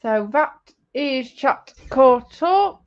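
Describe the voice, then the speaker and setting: Woman, crafting stream host, teasing and chatty, slightly high voice, dull lo-fi audio. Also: animated, drawn-out words. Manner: teasing, chatty, breaks into laughter. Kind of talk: casual livestream chat, reading out chat comments.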